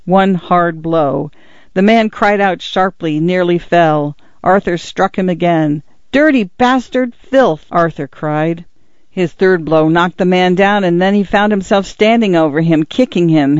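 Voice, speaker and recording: A man narrating an audiobook in a measured, tense, dramatic reading. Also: high voice, no echo, highs cut off.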